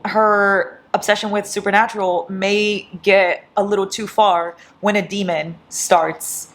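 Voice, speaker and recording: A woman vlogging casually through an all-night reading session, giddy and excitable, laughing often and swearing, tired from no sleep. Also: medium pitch, a little slow. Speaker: book vlogger.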